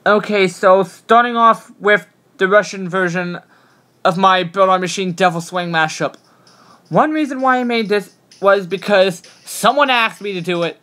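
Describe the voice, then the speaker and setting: A man's voice: high voice, normal speed, sharp tone. A man streaming live, talking casually in a hesitant, apologetic, rambling way.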